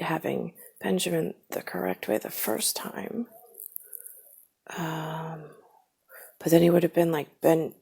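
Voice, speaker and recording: Gravelly, low-voiced woman rambling. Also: a little mellow. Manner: scattered, drifting thoughts with many fillers; swearing, heated outbursts. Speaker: vlogger. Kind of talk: rambling solo monologue.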